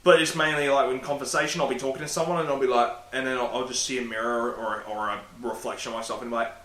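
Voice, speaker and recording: A man's voice: mid-range voice, fairly even intonation, fast talker, a bit bright, reverberant. A man, vlogging casually to his laptop webcam from a room at home, rambling and self-deprecating with casual swearing. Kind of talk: casual solo vlog to webcam. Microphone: laptop webcam mic.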